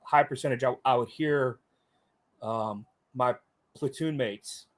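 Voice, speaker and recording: A man's voice: mid-range voice, slow. Rambling man telling service stories. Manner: rambling, many fillers, voices others in quotes. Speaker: Marine veteran guest. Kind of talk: casual storytelling in an interview.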